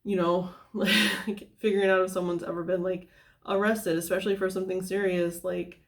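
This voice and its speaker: A woman's voice: fairly low pitch, level tone, normal speed. A woman giving a casual tarot reading, talking in a loose, rambling way full of fillers and tangents. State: somewhat out of breath. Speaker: tarot reader.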